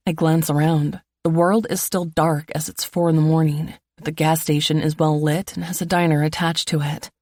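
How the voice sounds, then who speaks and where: A woman narrating a first-person romance audiobook in an even, low-key reading voice. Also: moderate pace, hardly any pauses, no echo, clean studio sound.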